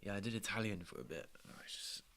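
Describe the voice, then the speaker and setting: Young man, low register, easygoing streamer chat full of slang. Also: expressive, fast, gravelly, fairly bright tone, slight background noise. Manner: laid-back, slangy, swears freely. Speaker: trader streaming his trading. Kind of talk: casual chat.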